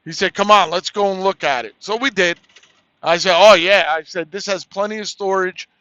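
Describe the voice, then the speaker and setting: A truck driver telling a frank, profane story in casual chat, retelling each exchange as dialogue. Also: male voice, high voice, normal speed, sharp tone, no room sound. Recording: dry, slightly dull lo-fi audio.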